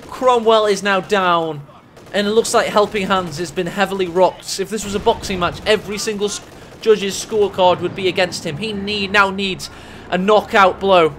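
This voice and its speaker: A man casting a strategy game match, excitable and jokey, his voice rising to shouts at the big plays. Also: high-pitched, slight background noise. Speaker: game caster. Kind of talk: energetic esports commentary.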